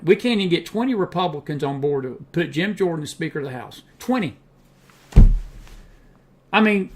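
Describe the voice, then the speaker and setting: A middle-aged man with a drawl hosts a live political commentary show, fielding viewer questions. His voice sits a little high for a man. He talks bluntly and with open indignation, slipping into folksy anecdotes. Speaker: host of a live news and faith show.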